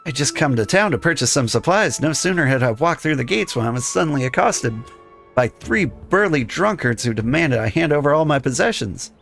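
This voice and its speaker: A man's voice: fairly high pitch, expressive, fairly quick, vocal fry, a bit bright, faint music behind. A man voicing a young woman who claims to be a simple milkmaid, speaking primly and politely. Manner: prim, polite and old-fashioned. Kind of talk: reading game dialogue aloud.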